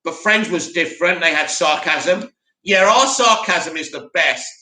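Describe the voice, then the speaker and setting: A man's voice: on the high side, measured pace, pushed and bright, echoey room. A young man from Bromley with a South London accent, hosting a casual live stream, reading chat comments and bantering about films. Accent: South London English. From Bromley, England. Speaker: host of a live movie news stream.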